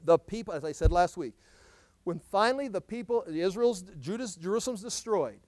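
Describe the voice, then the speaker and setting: A man with a fairly high voice teaches a sermon verse by verse. He lifts his voice to read the scripture with emphasis, then drops into a casual, explaining tone full of small restarts. The recording is close and dry. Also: lively intonation, fairly quick, darkish tone, dry recording. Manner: reads scripture with rising emphasis, then explains in a lower, conversational tone. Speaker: pastor.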